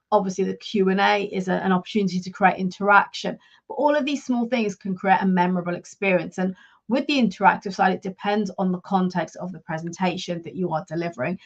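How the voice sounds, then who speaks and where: A woman working as a leadership and career coach, giving a measured, instructive talk straight to her live viewers. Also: mid-range voice, lo-fi sound.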